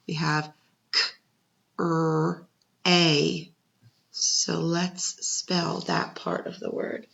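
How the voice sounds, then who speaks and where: A woman teacher with a lowish voice and vocal fry patiently leads a second-grade spelling lesson, sounding out syllables and encouraging her young students. The recording is muffled and lo-fi.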